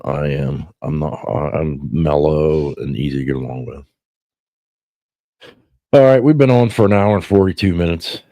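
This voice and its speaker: A middle-aged man with a warm bass voice hosts a podcast at a moderate pace, with no room sound. In casual chat he tells rambling, profane stories and restarts often.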